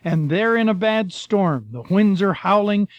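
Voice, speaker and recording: Older male preacher, folksy and storytelling, high voice, muffled dry sound. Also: expressive, measured pace, no room sound. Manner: folksy, storytelling, addresses listeners as folks and friend. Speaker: preacher, former missionary. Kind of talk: sermon with Bible reading.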